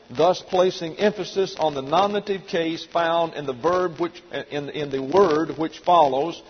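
A man teaching a verse-by-verse Bible lesson, methodically spelling out Greek words letter by letter. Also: on the high side. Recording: dull lo-fi recording in a reverberant hall with faint noise.

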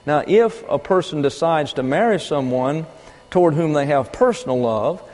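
An older man preaching a sermon, teaching deliberately and with emphasis, pausing for asides. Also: a little high, lively intonation, darkish tone. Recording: long reverb of a large hall.

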